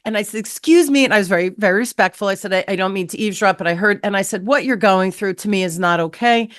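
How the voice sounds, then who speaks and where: A middle-aged woman hosting a sales podcast, telling stories in a lively way and acting out the voices of the people she quotes. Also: medium pitch, fast, no echo, studio quality. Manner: animated, acts out quoted voices. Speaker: podcast host. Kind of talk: storytelling interview chat.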